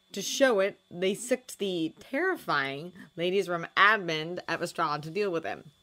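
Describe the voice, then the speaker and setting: Woman reading fanfiction aloud, lively storytelling, bright forceful tone, lowish pitch. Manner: lively storytelling, shouts dialogue loudly. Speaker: fanfiction audiobook reader.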